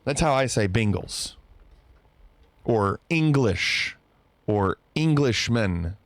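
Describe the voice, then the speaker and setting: A man's voice: medium pitch, lively intonation, takes it slowly, dry recording. A man streaming live, chatting casually and playfully with his viewers. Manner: playful, bantering about pronunciation.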